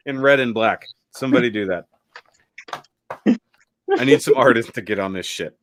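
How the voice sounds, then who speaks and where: A man co-hosts a casual review discussion, talking in an animated, jokey way with plenty of swearing. His voice sits at an ordinary middle pitch. The recording is dry and close. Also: normal speed, pauses often, dry recording. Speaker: co-host.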